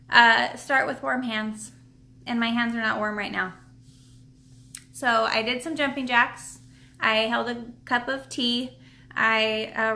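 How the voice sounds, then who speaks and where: A woman's voice: on the high side, creaky, pushed and bright. A woman hosting a casual live stream tutorial at home, chatty and rambling, with lots of fillers and restarts. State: a bit out of breath. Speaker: nail product seller and live stream host. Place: at home, seated at a table.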